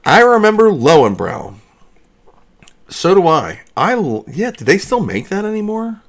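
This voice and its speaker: A man's voice: mid-range voice, huge pitch swings, unhurried. A man hosting a casual livestream from his basement studio, rambling and joking as he answers chat questions. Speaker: livestream host.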